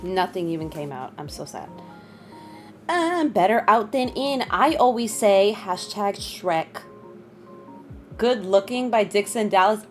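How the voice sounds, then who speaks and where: Chatty young woman streamer, lively pitch. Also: unhurried, faint music behind. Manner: chatty, greets chat, bursts of high laughter. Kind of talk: casual live-stream chat.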